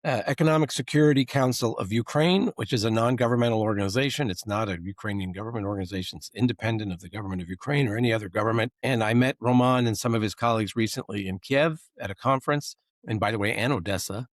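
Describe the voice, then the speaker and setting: A man's voice: on the low side, fast talker, hardly any pauses, no echo, clean studio sound. A man hosting a podcast in a joking, conversational way, often restarting his sentences. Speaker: podcast host. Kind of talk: casual podcast chat. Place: Washington, D.C.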